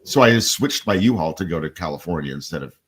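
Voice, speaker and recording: A man's voice: low voice, lively intonation, fast talker, fairly bright tone, slightly rough. A man guest on a radio show, casually telling rambling stories about recording music and swearing offhandedly. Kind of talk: casual radio studio chat.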